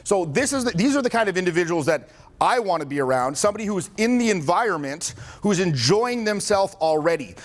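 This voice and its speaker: A man's voice: high voice, big pitch swings, brisk. A man in his forties, a social skills coach, giving a casual, joking seminar talk to a group, swearing freely and acting out what people say. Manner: casual, joking, swears often, acts out quotes.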